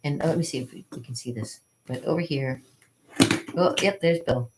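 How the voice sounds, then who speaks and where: A woman's voice: low voice, normal speed, heavy background noise. A woman hosting a cartooning channel, showing her drawings in a chatty, rambling way and laughing often. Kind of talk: casual drawing tutorial.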